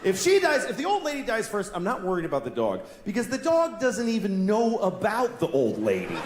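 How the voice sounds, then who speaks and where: A man in his forties performs stand-up on stage, deadpan and exasperated, his fairly high voice swinging wide in pitch. The sound is roomy and echoey, with steady live-venue noise underneath. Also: a little fast. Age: 40s. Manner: deadpan and exasperated, jumping into loud squeaky put-on voices. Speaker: stand-up comedian. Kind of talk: stand-up comedy set. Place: large comedy venue, audience laughing.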